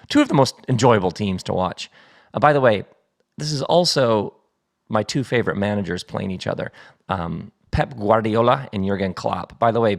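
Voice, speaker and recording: Podcast host, middle-aged man, low gravelly voice, chatty and playful, talking at home. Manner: chatty and playful, laughs easily. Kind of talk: casual solo podcast monologue. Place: home kitchen table. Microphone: studio mic set up at the table.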